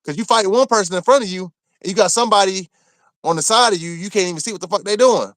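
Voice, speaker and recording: A man from Maryland telling a rough story from his time in prison, cursing freely and acting out what people said. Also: high voice, fast talker, dry recording. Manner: animated, profane, acts out quotes. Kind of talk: casual storytelling.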